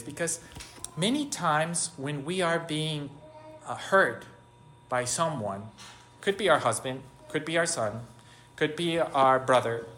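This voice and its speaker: A man preaching an informal spiritual meditation, halting often, restarting phrases and asking rhetorical questions. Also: on the high side, fairly bright tone, a little hiss or hum. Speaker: preacher giving a spiritual talk. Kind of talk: informal sermon, spoken meditation.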